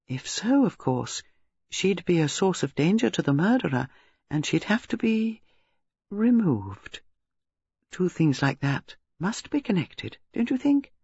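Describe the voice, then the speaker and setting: A woman voicing a gentle, shrewd elderly spinster who talks softly and mildly in a musing way. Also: on the low side, husky, no echo, voice pushed up, exaggerated voice. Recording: slightly dull lo-fi audio.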